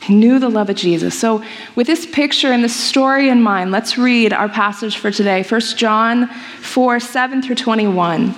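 A woman's voice: on the high side, normal speed. A woman preaching a sermon, telling a story earnestly and acting out the voices in it before reading scripture aloud. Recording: long hall reverb.

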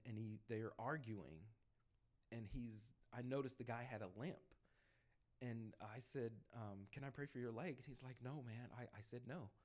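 Man, church testimony speaker, animated storyteller who plays every voice. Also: medium pitch. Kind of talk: conversational testimony to a group.

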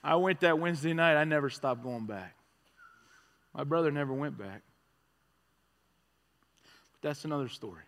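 A man preaching a sermon as a conversational story, swinging from excited and loud to hushed and quiet. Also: a little high, normal speed, pauses often. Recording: long reverb of a large hall.

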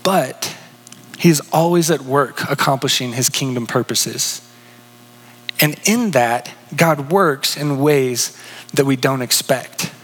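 A man preaching a sermon in an earnest, questioning way, often dropping to a soft hush. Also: medium pitch, takes it slowly, husky, long reverb tail, poor audio. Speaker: pastor.

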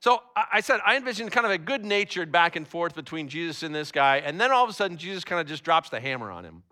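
A man's voice: on the high side, lively intonation, fast talker, pushed and bright. A man preaching a conversational sermon to a congregation in a church, often repeating words as he talks. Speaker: pastor.

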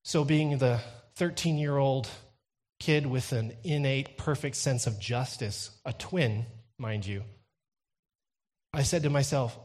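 A young man preaching a sermon, telling a personal story with a light touch and building to loud, intense emphasis. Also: mid-range voice, takes it slowly.

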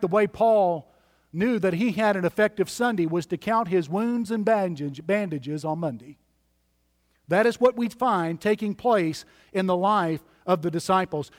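A man with a high voice preaches a sermon in an emphatic, list-driven way. His words ring out with a long reverb from the church sanctuary around him. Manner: emphatic preaching with repeated lists. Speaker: pastor.

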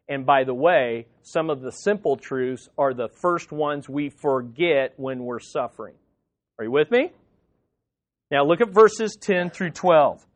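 A pastor preaches an expository sermon, reading scripture aloud and explaining it emphatically while often posing questions to the congregation. His voice is on the high side, animated, and a little slow.

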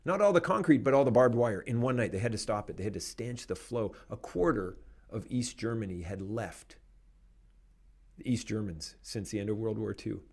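A man hosting a podcast, speaking in an animated, emphatic way and laughing between points. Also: lowish voice, normal speed, breathy edge. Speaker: podcast host. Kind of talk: conversational commentary.

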